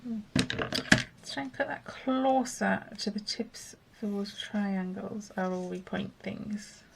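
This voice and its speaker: A woman's voice: mid-range voice, takes it slowly, gravelly, slightly rough. A woman hosting a craft video, chatting and thinking aloud while she works. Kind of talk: casual craft narration.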